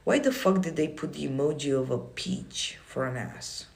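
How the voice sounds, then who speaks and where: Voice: mid-range voice, moderate pace, creaky. A manifestation coach on a casual livestream, reading viewer comments aloud and answering them in a blunt, swearing, teasing way.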